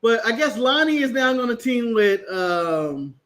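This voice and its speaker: A man's voice: extremely high pitch, very animated, unhurried, a bit bright. An American man co-hosting a casual wrestling talk show, laughing often and stammering through restarts. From United States. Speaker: podcast co-host.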